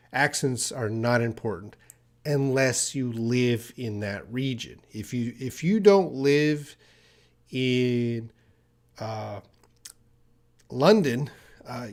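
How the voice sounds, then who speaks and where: A man teaching English on a live stream, answering viewer questions and explaining with many pauses and fillers. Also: medium pitch.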